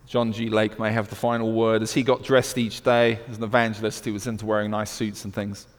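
A man with a British accent preaching a sermon, swinging from loud emphatic declarations to hushed storytelling. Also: fairly low pitch, flat delivery, fairly quick, big-room sound.

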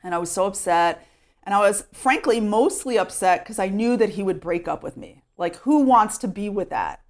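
An animated woman with a mid-range voice speaks at a moderate pace as a guest in a casual storytelling interview. Originally from Sherman, Texas, she chats about her home life and uses "like" often.

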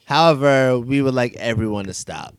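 A man's voice: medium pitch, moderate pace, smooth, dry recording. A man co-hosting a casual podcast chat, laid-back and introducing segments to his co-hosts. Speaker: podcast co-host.

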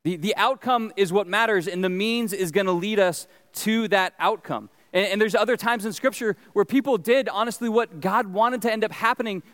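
A man's voice: sits high, fairly bright tone. A man preaching a sermon as pastor, earnest and conversational, often restarting his words. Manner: earnest, conversational, frequent restarts and stammered repeats. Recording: long reverb of a large hall.

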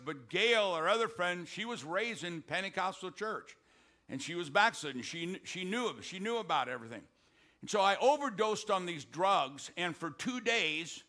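An older male pastor preaching a sermon, swinging between loud exhortation and hushed storytelling. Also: high-pitched.

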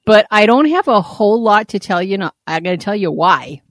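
Teasing woman co-host, lively voice. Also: mid-range voice, dry recording, clean studio sound. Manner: teasing, quick reactions. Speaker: podcast co-host. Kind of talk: casual chat.

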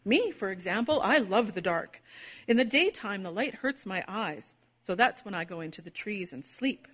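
A woman voicing a wise, kindly female owl who speaks calmly, like a teacher, in a storybook. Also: mid-range voice, moderate pace, muffled recording. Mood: musing. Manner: calm, teacherly.

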